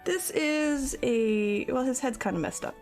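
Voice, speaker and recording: A woman chatting casually with live viewers while she sculpts at her art desk, greeting people by name and dropping into soft mutters now and then. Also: sits high, expressive, unhurried, soft background music. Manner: drops into soft mutters and whispers. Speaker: streamer. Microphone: camera mic.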